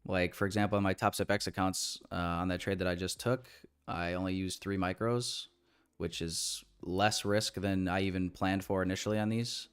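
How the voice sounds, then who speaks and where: A man's voice: low voice, fairly even intonation, moderate pace, clear, resonant tone. A man giving casual live trading commentary in a laid-back, slangy way with lots of fillers. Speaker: day trader streamer.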